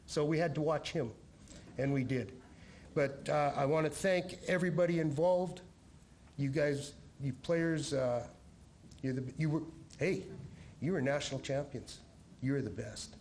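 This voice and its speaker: A former head coach speaks at an awards ceremony in a banquet hall and rambles through a team story. His voice sits a bit high, with faint noise in the background. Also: measured pace, pauses often, darkish tone. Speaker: head coach giving an induction speech.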